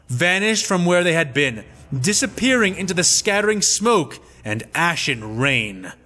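Guy reading his fan story out super dramatic, bright voice that swings around a lot, soft music under it. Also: sits high. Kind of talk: dramatic fan-fiction narration.

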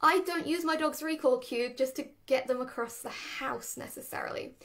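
High-voiced woman teaching dog training. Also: moderate pace. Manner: chatty, animated, laughs between points. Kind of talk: casual instructional talk.

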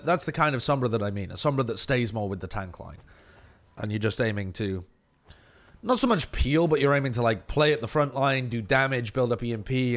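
A man's voice: mid-range voice, fairly bright tone. A man doing live-stream match analysis, blunt and profane, ranting at length and answering viewer chat.

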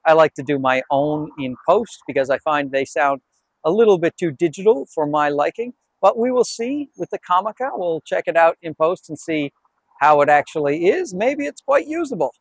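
A man with a nasal voice, chatting casually through a product review on a clip-on lapel mic, joking and sometimes getting loud. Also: on the high side, expressive, normal speed, breathy edge, no echo, studio quality. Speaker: camera gear reviewer.

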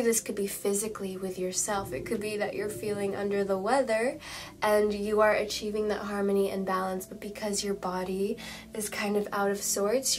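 A young woman with a hoarse voice giving a calm tarot card reading in slow, soothing phrases. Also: mid-range voice, slight background noise, poor audio. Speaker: tarot reader.

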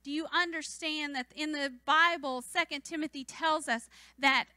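A woman preaching a sermon in church, fervent and building to emphatic declarations, then softening into gentle storytelling. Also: high voice, steady tone, moderate pace, no room sound. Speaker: church speaker.

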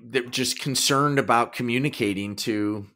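A man's voice: medium pitch, pushed and bright. A man in his fifties with a Kansas accent, co-hosting a casual podcast chat and often restarting his sentences. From Kansas, USA. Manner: halting, trailing off and restarting mid-thought. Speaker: podcast co-host, actor.

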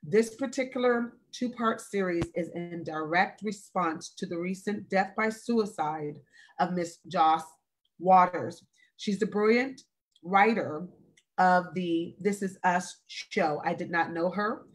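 A woman in her forties, a wellness speaker hosting a live stream, talking slowly and deliberately, with emphatic repeated phrases. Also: fairly low pitch. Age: 40s. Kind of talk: earnest, deliberate talk. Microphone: video call or live stream.

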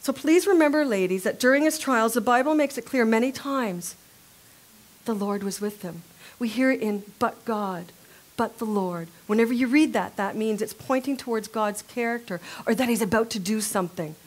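A woman with a fairly high voice teaches from the Bible at a women's workshop. She tells the story to a live audience with lively storytelling and asks them direct questions. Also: moderate pace.

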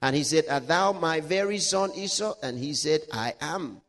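A male pastor preaching a sermon, reading scripture aloud with laughs, dramatic pitch swings and slowed emphasis. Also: lively intonation, a bit bright, in a large hall.

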